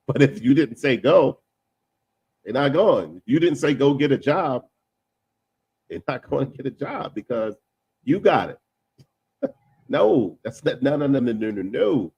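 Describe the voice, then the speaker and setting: A man talking casually in a discussion, emphatic and repeating himself, with quick asides. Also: mid-range voice, darkish tone, slightly rough, no room sound.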